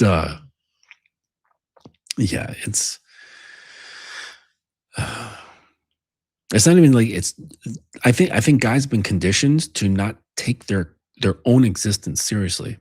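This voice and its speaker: A man's voice: on the low side, lively intonation, slow, long pauses, a little mellow, breathy edge, no room sound, studio quality. A man delivering a rambling, profane monologue as a men's coach. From United States. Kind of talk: casual monologue.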